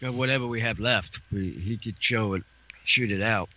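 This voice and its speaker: A man's voice: on the low side, normal speed, sharp tone, no room sound. A man hosting a podcast, chatting casually and rambling, with many repeated "yeah"s and "right"s. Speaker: podcast host. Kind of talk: casual chat.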